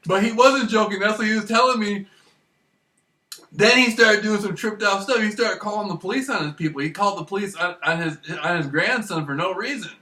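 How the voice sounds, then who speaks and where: A man's voice: high-pitched, a little fast, sharp tone. A man telling rambling, profane stories in a casual monologue, often laughing as he talks. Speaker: vlogger. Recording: echoey room, voice far from mic.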